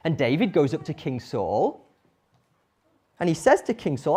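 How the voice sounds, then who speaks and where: A woman telling a Bible story to children in an animated way, often asking them questions. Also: deep voice, unhurried, slightly rough. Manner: animated, asks the audience questions.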